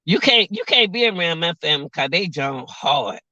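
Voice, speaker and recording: A woman's voice: on the low side, lively intonation, moderate pace, sharp tone, no room sound, highs cut off. A woman of about forty chatting on her vlog, laughing often and joking, outdoors by a car on a cold windy day. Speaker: vlog host. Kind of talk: casual livestream chat.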